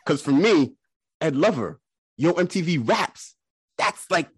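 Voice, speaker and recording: A man co-hosting a podcast, telling embarrassing stories in a casual, animated way and acting out the voices in them. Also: on the high side, unhurried, breathy edge, dry recording. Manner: animated, laughing storyteller who acts out quotes. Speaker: podcast co-host.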